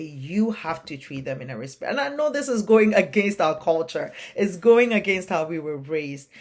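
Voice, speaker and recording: A woman from a non-Western country who coaches parents, talking earnestly and plainly to camera, often checking in with "right?". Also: deep voice. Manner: earnest, plain-spoken, keeps asking "right?". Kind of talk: advice talk to camera.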